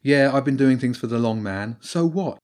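A man voicing a defiant older teenage girl in an audiobook, talking sharp and dismissive. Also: medium pitch, expressive, normal speed, natural voice.

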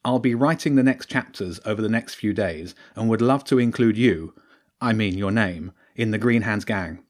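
A man who wrote the story reads his children's adventure aloud, raising his voice sharply for the characters' shouts. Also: fairly low pitch, normal speed. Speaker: author and storyteller.

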